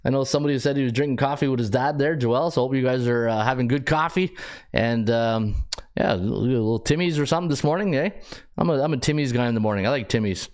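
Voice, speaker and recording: A man's voice: mid-range voice, fast talker, darkish tone. A middle-aged man with a Canadian accent hosting a sports betting podcast, chatting to viewers by name between rattled-off stats. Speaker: host, sports handicapper.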